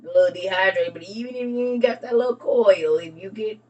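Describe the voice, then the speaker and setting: An excitable woman chats with her live stream audience and calls them y'all. Her voice sits at an ordinary middle pitch. It sounds a little distant from the mic. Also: a little fast, lo-fi sound. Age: adult with a young son. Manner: excitable, laughing, talks to viewers as y'all. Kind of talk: casual live stream chat.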